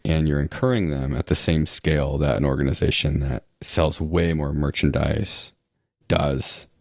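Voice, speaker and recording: A man with an extremely low, deep voice chats as a guest on a podcast. He rambles through thoughts with lots of "like" and restarts, and drops the odd dry sarcastic aside. The sound is close and dry, with no room echo. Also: fairly even intonation, moderate pace, gravelly, a little mellow. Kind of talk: casual interview chat.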